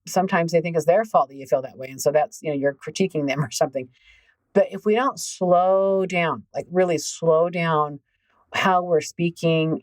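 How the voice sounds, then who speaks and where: A woman hosting a podcast as a coach, talking in an animated, emphatic way straight to her listeners. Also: low voice, no room sound, poor audio. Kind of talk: conversational podcast monologue.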